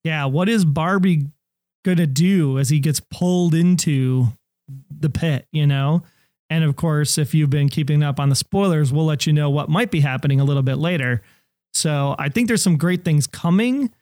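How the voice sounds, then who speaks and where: A man's voice: a little high, moderate pace, a little mellow, no room sound, clean studio sound. A man co-hosting a podcast in casual chat. He is talkative and laughs easily. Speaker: podcast co-host.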